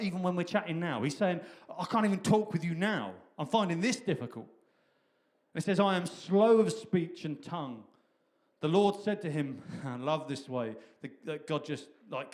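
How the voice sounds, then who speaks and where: High-voiced lively preacher. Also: male voice, normal speed. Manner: lively storytelling, acting out dialogue, laughs often. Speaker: pastor. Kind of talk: sermon.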